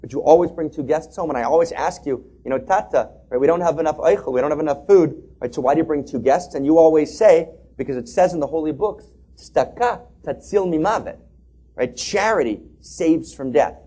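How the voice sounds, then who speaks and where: A man's voice: fairly high pitch, brisk, dark tone, husky, voice pushed up. A man voicing a young daughter in a story he tells, earnest and reassuring. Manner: storyteller raising his voice for a child.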